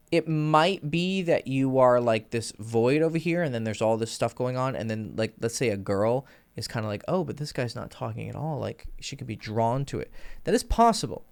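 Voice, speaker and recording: A young man with a smooth, medium-pitched voice gives casual coaching on dating and charisma in an advice monologue. He swears freely and makes vocal sound effects.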